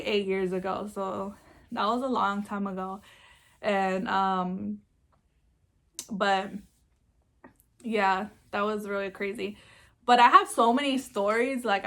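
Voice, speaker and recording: A woman's voice: medium pitch, fairly even intonation, measured pace, fairly bright tone. A young woman chatting casually in a storytime vlog, laughing easily and filling her talk with "like" and "um". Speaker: vlogger.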